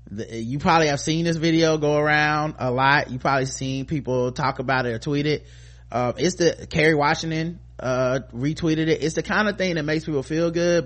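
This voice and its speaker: A man's voice: fairly high pitch, a bit bright. A man hosting a show, commenting casually on a viral video, loose and profane, often restarting his sentences.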